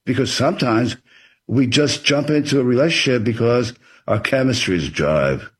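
An author being interviewed speaks in an expressive, husky, mid-range voice at normal speed. Earnest and full of advice, he acts out examples of dialogue while explaining.

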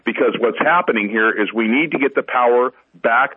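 Emphatic man on a phone line. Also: fairly quick. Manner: emphatic, exhorting listeners with rising pitch. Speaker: talk radio guest. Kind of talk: political talk radio chat. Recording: husky phone-line call-in audio.

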